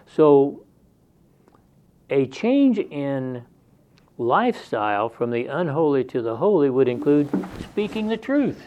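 A man's voice: medium pitch, sing-song, slow pace, a little hiss or hum. A man preaching an expository sermon, reading scripture aloud and explaining it in a conversational, plain-spoken way. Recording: dull lo-fi sermon recording.

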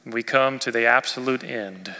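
A male pastor preaching a sermon expressively, rising in force and dropping to near quiet. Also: medium pitch, moderate pace. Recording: long reverb of a church hall.

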